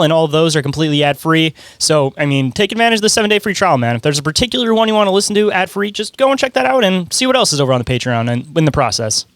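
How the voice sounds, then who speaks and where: A man's voice: fairly high pitch, fairly bright tone, no echo, clean studio sound. A man co-hosting a podcast in casual chat, loose and chatty, laughing often. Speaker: podcast co-host.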